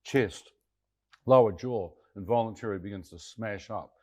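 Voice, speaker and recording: A man's voice: on the low side, moderate pace, a little mellow. A man, a guest telling a dramatic personal story in a vivid, colloquial way and acting out the voices of people in it. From New Zealand.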